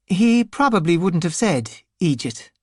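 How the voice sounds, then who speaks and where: A woman voicing a young woman detective's partner, firm but gentle. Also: fairly low pitch, very animated, unhurried, dry recording, studio quality, pitched above the performer's own voice.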